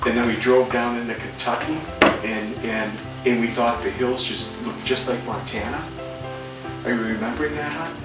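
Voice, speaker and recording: Man, husband, fond halting storytelling, roomy room, music behind. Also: medium pitch, steady tone. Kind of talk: casual reminiscing with family. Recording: roomy home recording, distant mic, music behind.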